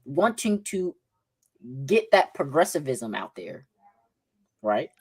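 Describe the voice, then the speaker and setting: Combative Southern man, lively pitch. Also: takes it slowly, breathy edge. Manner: combative, repeats "right?" often. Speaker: podcast host. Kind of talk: political livestream talk.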